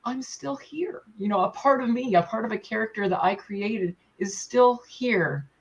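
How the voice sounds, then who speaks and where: A woman's voice: mid-range voice, normal speed. Chatty, laughing woman, lo-fi. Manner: animated, chatty, laughs often, trails off and restarts. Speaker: puppeteer guest. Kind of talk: casual interview talk. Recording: dull lo-fi sound.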